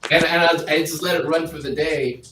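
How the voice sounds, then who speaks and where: A man chatting casually as a guest, earnest and halting, often repeating words as he starts his sentences. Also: a little high, fairly even intonation, bright, forceful tone. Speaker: guest, group member. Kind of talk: casual chat. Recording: roomy sound from far off the mic.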